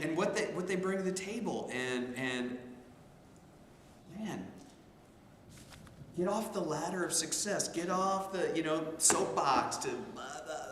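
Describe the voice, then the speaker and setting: A man's voice: a little high, fairly bright tone. Storytelling male teacher in echoey hall. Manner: storytelling, conversational with many restarts. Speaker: theology instructor. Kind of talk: informal class discussion. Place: classroom. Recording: echoey hall, faint room noise.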